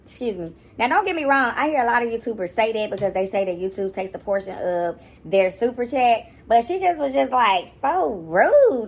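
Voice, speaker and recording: A young woman, giving sassy, animated reaction commentary. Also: fairly high pitch, brisk, hardly any pauses, husky. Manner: sassy, animated, mocking voices at times. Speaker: commentary YouTuber.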